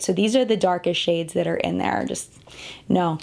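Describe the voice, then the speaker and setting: A woman's voice: mid-range voice, wildly swooping pitch, normal speed. A woman in her thirties reviewing makeup in a casual, chatty way, often laughing at herself, talking to the camera at home. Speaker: beauty vlogger.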